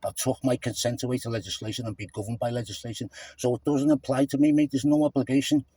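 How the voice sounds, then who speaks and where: A man's voice: medium pitch, fairly even intonation, quick pace, mellow, husky, no room sound. Combative man in his fifties. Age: 50s. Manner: combative, lecturing, repeats "mate". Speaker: stopped motorist. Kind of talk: heated roadside argument. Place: roadside, by a car.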